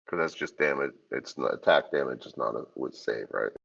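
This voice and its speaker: A man's voice: very deep voice, lively intonation, a little fast, creaky, a bit bright, slightly rough, muffled recording. A man running a tabletop game as dungeon master, making laid-back rulings and laughing easily.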